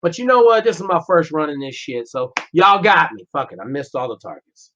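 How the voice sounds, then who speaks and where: A sing-song, slightly high voice, fairly quick and a bit bright, comes from a former Navy SEAL on a podcast. He tells a blunt, profane story and acts out the dialogue; the lo-fi recording is slightly dull with a faint hiss or hum.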